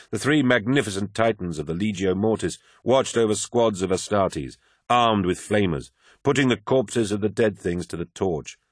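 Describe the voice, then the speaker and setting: A man with a very low voice narrates a war novel in a measured, dramatic way. His delivery is steady and scripted. The recording is dry and close, with no room sound. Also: dry recording. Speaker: audiobook narrator.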